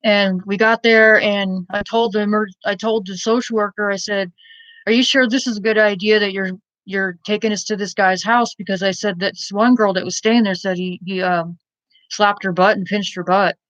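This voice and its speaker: A woman's voice: mid-range voice, fairly even intonation, moderate pace, fairly bright tone, no room sound, highs cut off. A woman casually telling a personal story in a blunt, rambling way, with many fillers and some swearing.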